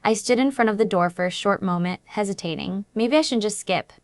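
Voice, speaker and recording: A woman's voice: mid-range voice, fairly quick, hardly any pauses, dry recording, clean studio sound. Woman narrating a romance story. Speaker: audiobook narrator. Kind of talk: first-person romance narration.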